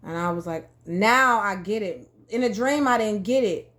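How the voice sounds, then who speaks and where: Animated woman retelling a dream. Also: moderate pace. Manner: animated, acts out quoted dialogue with big pitch jumps; heavy filler "like", loose slangy phrasing. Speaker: vlogger. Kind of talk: casual storytelling to camera.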